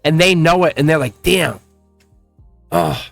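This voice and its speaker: A man giving a casual, rambling tarot reading, talking excitedly and directly to the viewer. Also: fairly high pitch, measured pace, vocal fry, no echo, faint music behind. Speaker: tarot card reader.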